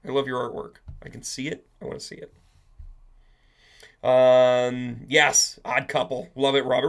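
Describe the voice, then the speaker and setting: A man's voice: mid-range voice, fairly even intonation, unhurried, a bit bright, clear, resonant tone. A man hosting an astrology live stream, chatting in a rambling way, answering viewers' comments and often asking "right?". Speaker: astrology and tarot reader, live-stream host. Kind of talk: casual live-stream chat.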